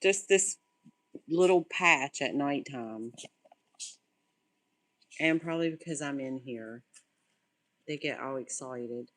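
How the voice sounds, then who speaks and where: A puppy breeder films her litter, chatting casually to the pups and to viewers in an extremely low voice, slow and full of long pauses. She soothes and coaxes the puppies to settle down. The room is noisy, with puppies yapping and scuffling behind her.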